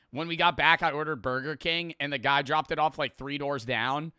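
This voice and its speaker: Bright, crisp young man rambling. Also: a little high, steady tone, normal speed, no echo, clean studio sound. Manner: rambling, swearing, laughing storyteller. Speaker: streamer reacting to clips. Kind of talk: casual reaction chat.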